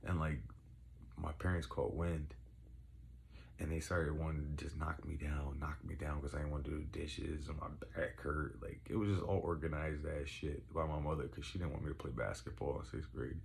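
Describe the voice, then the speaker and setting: A young man telling rambling, profane stories in casual chat, getting excitable as he goes. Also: rumbling low, normal speed, gravelly. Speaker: podcast host. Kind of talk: casual storytelling.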